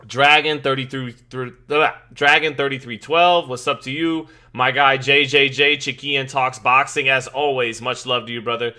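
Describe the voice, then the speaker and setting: Bright-voiced man hosting a live boxing stream. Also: mid-range voice. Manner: chatty, greets chat members, frequent restarts. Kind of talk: casual live-stream commentary.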